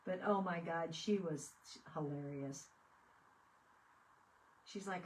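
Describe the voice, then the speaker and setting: A woman's voice: on the low side, slow, a little hiss or hum. Chatty woman crafting on camera. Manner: chatty, storytelling, laughing fits. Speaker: craft video host. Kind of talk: casual chat while crafting. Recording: voice a bit far from the mic.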